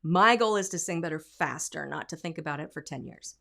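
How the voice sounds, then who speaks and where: A woman's voice: low voice, lively intonation, a little fast, creaky, pushed and bright. A woman vocal coach giving a singing lesson, explaining technique and breaking into short sung and spoken examples.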